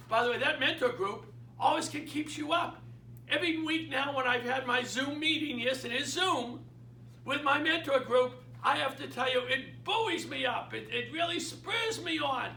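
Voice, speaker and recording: A man with a Boston accent gives an emphatic, story-driven motivational talk to realtors. His voice is very high and bright. He is recorded in an echoey room, away from the mic. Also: far from the mic, slight background noise. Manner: emphatic, storytelling, repeats key points. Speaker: real estate mentor and sales speaker.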